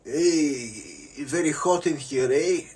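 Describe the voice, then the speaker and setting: A man voicing a goofy disguised man with a put-on Canadian accent and a husky voice. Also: a little high, takes it slowly, darkish tone, distant mic, voice pushed up.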